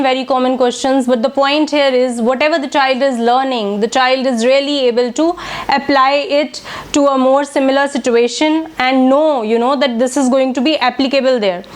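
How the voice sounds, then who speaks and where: A woman giving a measured teaching talk on classroom questioning, often pausing with fillers. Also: high-pitched, steady tone. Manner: measured, with frequent fillers and examples. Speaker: teacher trainer.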